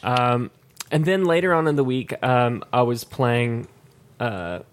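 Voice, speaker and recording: A man's voice: medium pitch, expressive, slow, a little hiss or hum. Man, mid-range voice, rambling and profane storyteller, casual chat.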